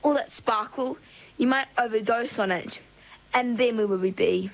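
A woman's voice: fairly high pitch, normal speed, gravelly, low-quality recording. Grand Mermaid, a woman playing a pompous mermaid. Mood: condescending. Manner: pompous, sugary and belittling. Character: haughty condescending female mermaid shop owner. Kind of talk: storybook reading.

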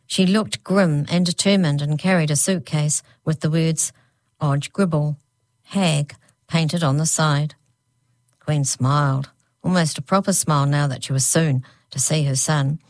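A woman reads a children's story aloud in a measured, steady manner. Her voice is very low for a woman, recorded dry and close. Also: dry recording. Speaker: audiobook narrator. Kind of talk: scripted storybook narration.

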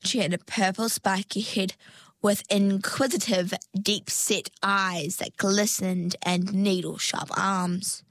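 A woman reading a children's storybook aloud in a calm, measured way. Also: medium pitch, no echo. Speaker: reader. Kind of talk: storybook narration.

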